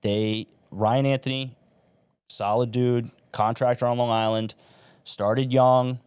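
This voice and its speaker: A man's voice: mid-range voice, flat delivery, takes it slowly, darkish tone, clean tone, no room sound. A young man, a podcast guest telling stories in casual talk, with plenty of swearing and filler words. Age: young adult. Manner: swears freely, storytelling, says like and bro.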